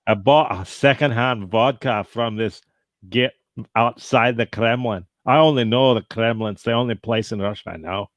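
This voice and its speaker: A man playing a blunt, cocky kilted suitor who fires off rapid questions in an improv comedy scene. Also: mid-range voice, no room sound, studio quality, natural voice.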